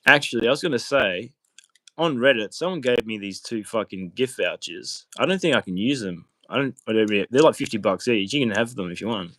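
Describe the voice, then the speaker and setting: A man's voice: fairly low pitch, animated, fairly quick, fairly bright tone, low-quality recording. Rambling man telling stories. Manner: loose, rambling, lots of fillers and laughs. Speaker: guest on a live stream. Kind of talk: casual swearing storytelling.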